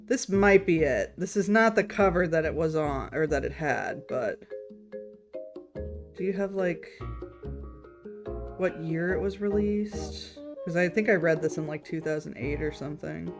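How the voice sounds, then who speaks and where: A woman's voice: low voice, lively intonation, a little slow, music in the background. A woman streamer in casual chat with her viewers, talking loosely, laughing often and reading chat messages aloud. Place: home room.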